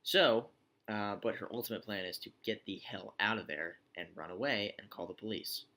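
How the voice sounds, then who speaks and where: A man's voice: lowish voice, moderate pace, bright, forceful tone. A man recapping a TV show in a casual, rambling way, with sarcastic asides. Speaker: TV show reviewer.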